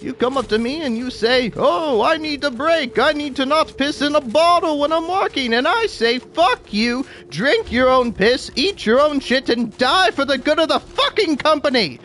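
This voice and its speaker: A man's voice: extremely high pitch, lively intonation, normal speed, few pauses, fairly bright tone, slight background noise, voice pushed up. A man voicing a pompous, profit-obsessed male corporate boss with a haughty, theatrical manner and crude outbursts. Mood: scornful.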